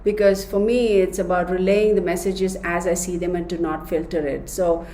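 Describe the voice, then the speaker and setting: A woman's voice: on the low side, fairly even intonation, normal speed, dark tone, echoey room. A woman giving a casual, chatty tarot reading, talking straight to her viewers with affection. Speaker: tarot reader.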